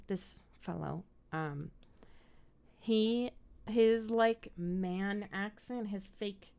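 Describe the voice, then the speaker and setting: A woman's voice: mid-range voice, a little mellow, clear, resonant tone. A woman hosting a casual movie chat, giggly and rambling as she thinks aloud. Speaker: host.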